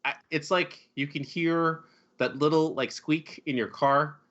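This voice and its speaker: A man's voice: fairly high pitch, fairly even intonation, a little slow, a bit bright, dull audio. A man hosting a casual movie podcast, talking animatedly with lots of fillers and laughs. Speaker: podcast host.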